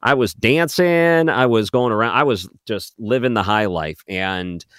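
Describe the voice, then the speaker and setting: A man's voice: lowish voice, normal speed, a bit bright, no echo, clean studio sound. A male radio host who talks in an upbeat, playful way and teases his guest. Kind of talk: radio interview. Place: radio studio.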